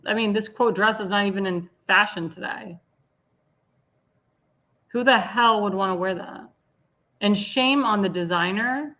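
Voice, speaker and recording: A woman hosting a commentary show in a bright, forceful voice at an ordinary pitch. She talks bluntly and with indignant scorn. She rambles and sometimes trails off while searching for a word. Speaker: talk show host. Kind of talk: opinionated commentary on slides.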